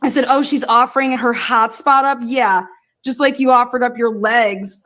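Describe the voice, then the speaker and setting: Loud sweary woman host, kinda high voice, cackles a lot while ranting. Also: fairly even intonation, normal speed. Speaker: true crime streamer host. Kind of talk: profane casual livestream rant.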